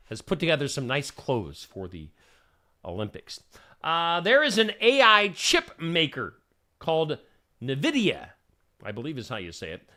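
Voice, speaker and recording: Lively, bright-voiced man hosting. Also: fairly high pitch. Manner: chatty, opinionated asides. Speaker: host. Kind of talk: casual news roundup.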